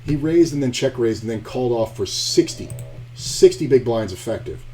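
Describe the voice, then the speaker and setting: A man's voice: medium pitch, moderate pace, a little hiss or hum. A man streaming online poker, chatting casually, telling a story and cursing at opponents on screen. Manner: profane, animated storyteller, trash-talking at the screen.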